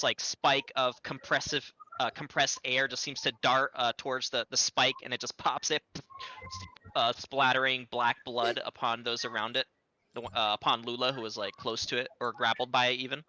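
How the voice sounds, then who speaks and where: A man's voice: mid-range voice, level tone, normal speed, pushed and bright, no echo, highs cut off. A man playing a tabletop game, narrating his character's actions with many fillers. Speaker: player.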